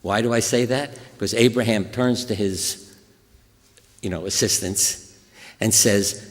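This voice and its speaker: An older American man giving a talk to an audience, telling stories in an animated, anecdotal way. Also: fairly low pitch, measured pace. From USA. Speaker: guest speaker. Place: hospital auditorium. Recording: echoey hall reverb.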